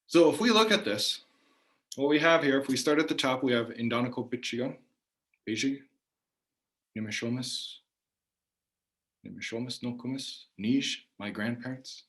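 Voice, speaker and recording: A man giving a measured spoken lecture on the meaning of words, often letting phrases trail off softly at the end. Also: mid-range voice. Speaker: language teacher.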